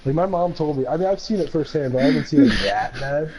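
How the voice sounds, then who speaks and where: Swearing, lively-voiced gamer man ranting. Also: on the high side, fast talker, noisy background. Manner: profane, mock-angry ranting with frequent laughter; puts on quoted voices of others. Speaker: streamer playing with friends. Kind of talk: casual gaming chat.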